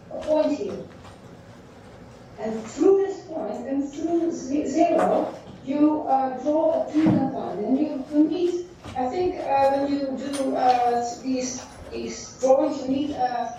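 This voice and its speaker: A woman teacher giving a classroom lecture, thinking aloud in halting phrases while she draws on a board. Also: high-pitched, dark tone, slight background noise. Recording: echoey dull room sound from far off.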